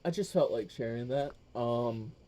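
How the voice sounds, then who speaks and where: Casual male vlogger, unhurried, meandering, swears freely. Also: mid-range voice, mellow. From United States. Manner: hesitant, full of filler ums, profane. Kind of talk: casual rambling monologue.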